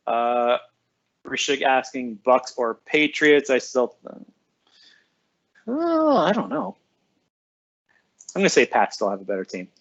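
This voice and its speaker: On a casual live stream, a man who is a school librarian reads students' names and comments aloud and cheerfully answers them. His voice is mid-range and a bit bright, and the sound is lo-fi.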